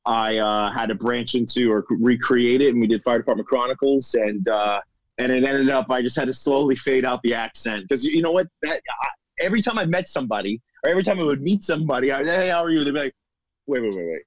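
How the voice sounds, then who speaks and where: A man's voice: medium pitch, fast talker, no echo, muffled recording. Laughing male guest from Florida. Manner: laughing, storytelling. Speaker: guest, firefighter comedian. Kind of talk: casual interview chat.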